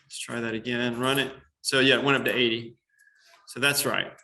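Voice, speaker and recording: Bright-voiced man teaching a coding class. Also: mid-range voice, flat delivery, moderate pace. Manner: explains step by step, many "um" and "right?" checks. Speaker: computer science teacher. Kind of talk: classroom lesson on screen.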